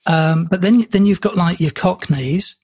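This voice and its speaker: A man's voice: high voice, unhurried, a little mellow, slightly rough, dry recording. A man from England, a podcast host with a received pronunciation accent, chatting easily and laughing often. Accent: received pronunciation English. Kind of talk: casual conversation.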